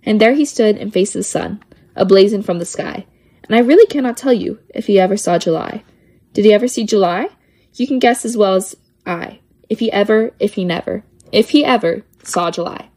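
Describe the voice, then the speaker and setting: A woman's voice: mid-range voice, a little fast, darkish tone. Woman reading children's poems, sing-song. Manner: lilting, playful sing-song delivery. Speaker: poetry reader.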